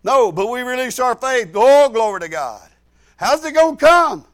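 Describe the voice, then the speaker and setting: A male pastor preaching a sermon in a folksy way, swinging between shouted lines and low asides. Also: lively intonation, moderate pace. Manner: folksy, rising to shouts then dropping low.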